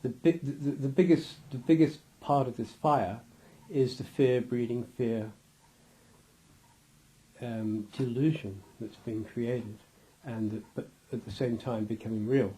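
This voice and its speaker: A man's voice: mid-range voice, measured pace, dark tone, slight background noise. A man giving a loose, rambling interview, restarting his sentences and acting out little scenes with laughter.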